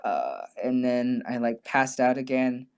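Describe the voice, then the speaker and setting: A young man co-hosting a podcast, telling a story in a rambling, animated way with many restarts and some swearing. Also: medium pitch, unhurried, clean tone. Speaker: podcast co-host. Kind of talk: casual storytelling.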